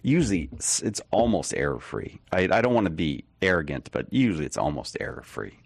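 A man's voice: low-pitched, very animated, fairly quick, creaky, breathy edge, no echo. A man hosting a radio-style talk show, playful and self-mocking, laughing often as he chats with his guest. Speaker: podcast host.

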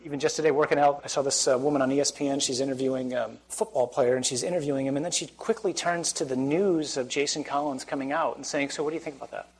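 In this rough recording, a priest with a mid-range, steady, slightly breathy voice talks fast with hardly any pauses. He gives a Catholic sermon to a crowd in a church or hall, chatting casually, tossing in jokes, and asking listeners questions.

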